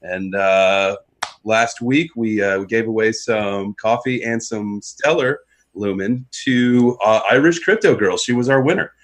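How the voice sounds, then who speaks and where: A man co-hosting a casual podcast, easygoing and friendly, reading plugs in a relaxed way. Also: fairly low pitch, unhurried. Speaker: podcast co-host.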